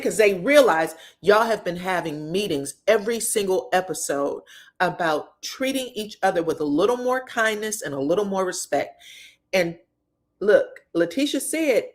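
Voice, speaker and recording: A woman recapping a reality TV episode, talking candidly and straight to the cast, slangy and quick to swear. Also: mid-range voice. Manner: slangy and expressive. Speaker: reality TV commentator.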